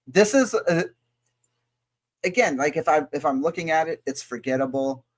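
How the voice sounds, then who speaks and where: A man's voice: a little high, lively intonation, moderate pace. A man co-hosting a casual album-review chat show, talking in an enthusiastic, rambling and crude way. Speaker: podcast co-host.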